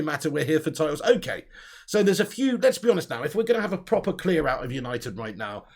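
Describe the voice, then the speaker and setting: A man's voice: fairly high pitch, gravelly. A young man hosting a live fan stream, chatting and laughing while he reads out viewer comments. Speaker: host of a fan channel livestream.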